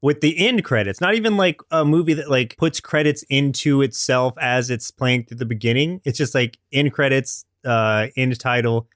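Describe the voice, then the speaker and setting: A man co-hosting a podcast, chatting casually about an old cartoon in a wry, halting way. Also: medium pitch, a bit bright, dry recording, clean studio sound. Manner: wry, hesitant, with fillers. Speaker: podcast co-host. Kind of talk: casual chat reviewing a cartoon.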